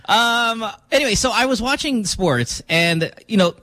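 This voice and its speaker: Animated man on morning radio. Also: high voice, measured pace, no echo. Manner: animated, self-mocking storytelling with many fillers. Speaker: radio morning show co-host. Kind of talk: casual radio banter.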